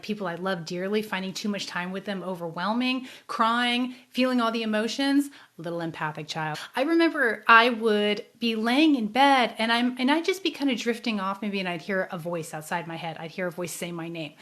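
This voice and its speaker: A middle-aged woman hosting her own show as a psychic medium, telling her life story to viewers. She talks casually and earnestly at a middle pitch, with an emotional pull and a softer, quieter voice when she recalls sad memories. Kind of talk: casual personal storytelling to a live audience.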